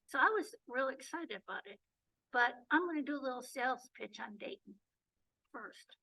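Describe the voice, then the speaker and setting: A woman from the Detroit area giving a chatty club presentation full of fillers, her voice going hoarse, recorded from a distance in a meeting room. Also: sits high, expressive, normal speed, pushed and bright. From Detroit area, Michigan. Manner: chatty, many fillers and restarts. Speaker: presenter and journey coordinator. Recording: voice picked up from a distance.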